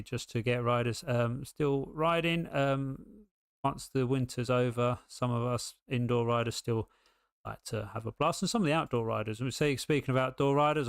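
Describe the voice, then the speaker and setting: A man's voice: medium pitch, clear, resonant tone, no room sound, studio quality. Chatty British man commentating a race. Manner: chatty, rambling, many ums and restarts. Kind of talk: casual live esports commentary.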